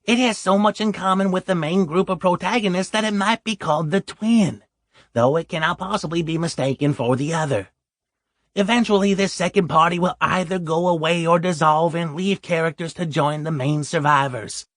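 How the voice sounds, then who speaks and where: A man reading a book excerpt aloud in a measured, deliberate manner. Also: on the high side, a bit bright, no room sound, studio quality. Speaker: audiobook reader.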